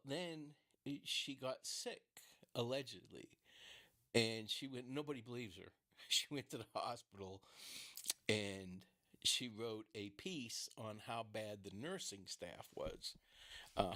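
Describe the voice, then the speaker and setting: A man's voice: mid-range voice, a bit bright. Rambling man chatting casually, frequent filler words. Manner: rambling, many fillers and restarts, laughs often; blunt, swears casually. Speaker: true-crime commentator. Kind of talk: casual solo commentary.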